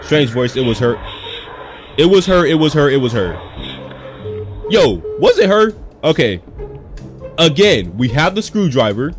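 A man playing a horror game and reacting out loud. He talks in a slangy, jumpy way and shouts and yelps whenever something startles him. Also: fairly high pitch, sing-song, a little slow, long pauses, over music. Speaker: gaming video creator.

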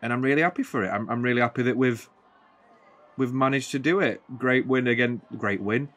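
A man's voice: medium pitch, fairly quick, fairly bright tone. A man giving rambling, jokey play-by-play commentary on a football video game, breaking into mock-commentator flourishes. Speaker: gaming channel host.

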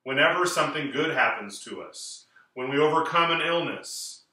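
Bright-voiced priest in an echoing church. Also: male voice, a little high, lively intonation. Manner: measured, clear liturgical reading with slow emphatic pauses. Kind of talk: reading scripture and preaching a homily. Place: large church. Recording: echoey church, voice from far off.

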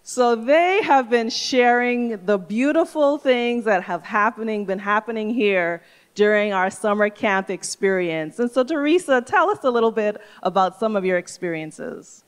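Kobieta o gładkim głosie prowadząca nabożeństwo. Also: female voice, on the high side, animated, unhurried, clean tone. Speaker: church service host. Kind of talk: introducing guests and calling for an offering. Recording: long hall reverb.

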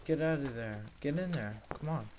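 A man's voice: fairly high pitch, animated, normal speed, darkish tone, slight background noise. Chatty young man narrating his gameplay. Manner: chatty, easily frustrated, talks to viewers. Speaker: gaming video host. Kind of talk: casual let's play commentary.

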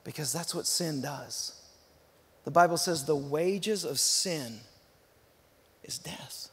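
A man preaching a sermon as a guest pastor, with emphatic repeated refrains and sudden loud peaks. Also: fairly high pitch, slow, husky. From Texas. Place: church auditorium. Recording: long reverb of a church hall.

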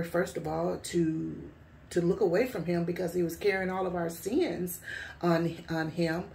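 Woman preacher, slow gravelly delivery, conversational and repetitive, echoey room with the mic set well back. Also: lowish voice, darkish tone, a little hiss or hum. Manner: conversational, repeats words, frequent "you know". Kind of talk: informal sermon. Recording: roomy echo, voice from far off.

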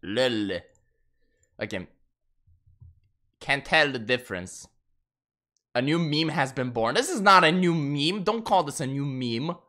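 A male live streamer chatting casually with his viewers, swearing a lot and jumping into shrill outbursts. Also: lively intonation, takes it slowly, long pauses, bright, forceful tone.

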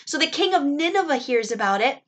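A woman with a fairly high voice tells a Bible story to children. She is animated and expressive, and she stops often to explain words and add playful asides. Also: a little fast.

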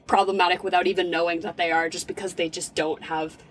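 A young woman co-hosting a podcast in casual chat, animated and incredulous, swearing freely. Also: fairly low pitch, fast, a little hiss or hum. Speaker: podcast co-host.

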